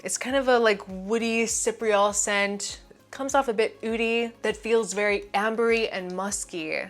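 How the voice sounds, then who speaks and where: A woman hosting her own channel, giving an enthusiastic, chatty review of perfumes and often saying "like" as a filler. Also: on the low side. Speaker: fragrance reviewer. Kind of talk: casual product review to camera.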